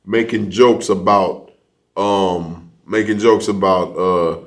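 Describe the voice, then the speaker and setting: A man leading an online class, preaching emphatically and building to loud, animated peaks. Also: low voice, slow. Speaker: class teacher. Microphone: online class setup.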